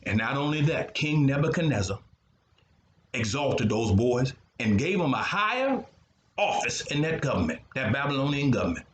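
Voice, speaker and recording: An older man, a grandfather, telling a Bible story with lively delivery and sound effects. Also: medium pitch, normal speed, roomy sound, slight background noise.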